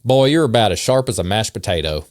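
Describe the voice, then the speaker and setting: A folksy Southern man trading mocking put-downs in a slow drawl, as a podcast host puts it on. His voice sits a little low and dry, with no room sound around it. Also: expressive, a little mellow, dry recording, lightly acted. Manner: drawled, mocking insult delivery.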